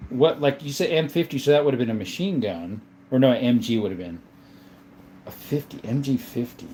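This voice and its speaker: A man's voice: mid-range voice, expressive, normal speed, mellow, a little hiss or hum. A man from Southern Arizona hosting a casual livestream, reading viewer comments aloud and answering them one by one. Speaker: livestream host.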